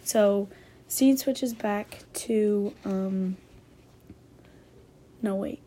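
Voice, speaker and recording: A woman's voice: medium pitch, very slow, warm tone, slight background noise. A woman casually retelling a book's plot as host of a book talk episode, chatty and loaded with "like" fillers. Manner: chatty, filler-heavy, says "like" constantly.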